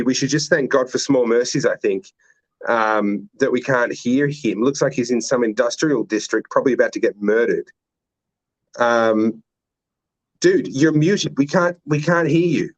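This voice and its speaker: A man's voice: medium pitch, normal speed. A man hosting a casual chat, teasing and sarcastic. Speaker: host.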